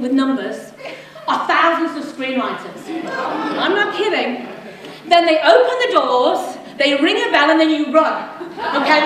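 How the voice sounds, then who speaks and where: A woman in her forties telling a lively, laughing story to a live audience, acting out her own thoughts as she goes. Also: sits high. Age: 40s. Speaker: speaker giving a community talk. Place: large hall with a live audience. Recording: echoey hall, mic at a distance, audience noise.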